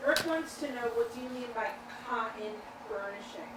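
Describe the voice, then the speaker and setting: A woman's voice: a little high, animated, moderate pace. A woman co-hosting a live stream, reading viewer questions aloud in a chatty, giggly, self-deprecating way. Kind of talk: casual live-stream chat. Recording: echoey room, off-mic, noisy.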